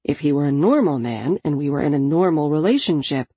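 A woman narrating a first-person audiobook in an intimate, low-key delivery. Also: expressive, fairly quick, warm tone, husky, no echo.

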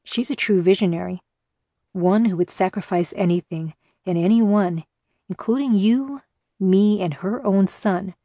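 A woman reading the lines of a grim, pragmatic male captor who talks in a steady, matter-of-fact way. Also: mid-range voice, measured pace, no echo, studio quality.

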